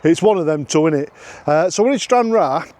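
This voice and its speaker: Filming himself on a handheld phone at a campsite, a middle-aged Yorkshireman chats jokily in a casual travel vlog. His voice is fairly high and darkish, with lively intonation and a brisk pace. He repeats phrases and laughs often.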